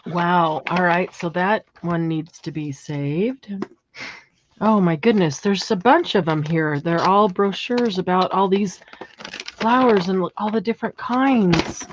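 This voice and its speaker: A woman's voice: on the low side, slow, highs cut off, slight background noise. A woman hosting a craft livestream from a home craft room, chatting casually and admiring her materials as she works. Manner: chatty, admiring, thinks aloud while working.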